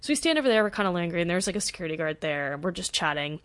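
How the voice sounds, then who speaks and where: A woman's voice: on the low side, expressive, very fast, fairly bright tone, dry recording. Chatty young woman, dry close sound. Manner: gushing, chatty, many "like"s. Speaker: podcast host. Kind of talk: casual storytelling.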